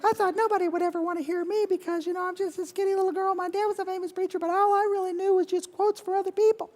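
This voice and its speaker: A man imitating a small, high-voiced woman preacher who doubted herself. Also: flat delivery, racing, a little mellow. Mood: earnest. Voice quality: high, thin voice.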